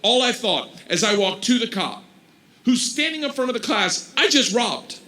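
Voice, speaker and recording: A man telling a wild story as a stand-up comedian, animated and building to loud punchlines. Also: very high voice, normal speed.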